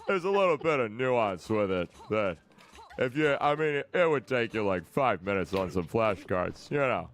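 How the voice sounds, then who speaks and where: A man's voice: lowish voice, very animated, moderate pace, faint music behind. A man patiently explaining a language point in casual chat, with restarts.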